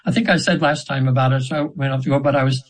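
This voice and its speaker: A man's voice: mid-range voice, fairly even intonation, racing, poor audio. A man in his seventies, an interview guest, telling his session stories in an earnest, meandering way with many restarts. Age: 70s. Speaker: hypnotherapy practitioner, guest. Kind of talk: casual storytelling interview.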